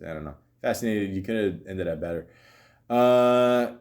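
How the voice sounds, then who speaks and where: A man's voice: lowish voice, darkish tone. A young man from Canada hosting a podcast, reading out a list and breaking off into rambling, self-mocking asides with plenty of swearing. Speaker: podcast host. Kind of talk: casual commentary reading a list aloud.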